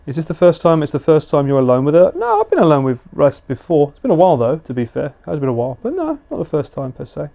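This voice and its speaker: A man's voice: a little high, very animated, quick pace, vocal fry, few pauses, warm tone. A British man chatting casually and slangily with viewers on a live stream. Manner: chatty, laid-back, slangy.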